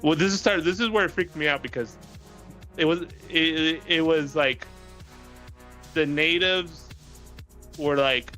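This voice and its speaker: A man's voice: a little high, measured pace, pauses often, sharp tone, faint music behind. A man casually telling a long dream story on a podcast, rambling with constant "like" fillers and cheerful swearing. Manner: rambling, heavy use of filler "like"; profane, laughs through the telling. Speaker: podcast co-host.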